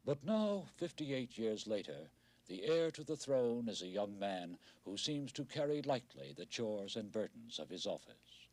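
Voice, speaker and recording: A middle-aged man narrating a television news report in a measured, wry documentary style. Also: medium pitch, very animated, darkish tone, no room sound.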